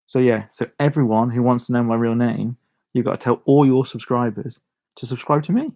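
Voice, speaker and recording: In a fairly quick, slightly mellow mid-range voice with even intonation, a young man with a Shropshire accent chats casually to his viewers. He rambles, keeps restarting his sentences and chuckles a great deal.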